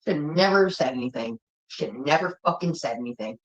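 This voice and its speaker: A woman's voice: rumbling low, lively intonation, fairly quick, muffled recording. A woman livestreamer ranting angrily at her chat, swearing often and scolding her viewers. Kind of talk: heated livestream rant.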